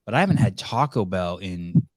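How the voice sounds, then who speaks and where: A man's voice: deep voice, lively intonation, normal speed, darkish tone, no echo. A man hosting a live call-in podcast, joking and teasing callers in casual, rambling banter. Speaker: podcast host.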